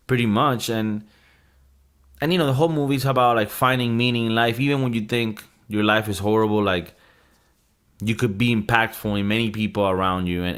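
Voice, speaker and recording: A man's voice: mid-range voice, a bit bright. Rambling, foul-mouthed man chatting. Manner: rambling, thinking aloud with many fillers and restarts; swears freely and laughs often. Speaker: podcast host reviewing a movie. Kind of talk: casual chat.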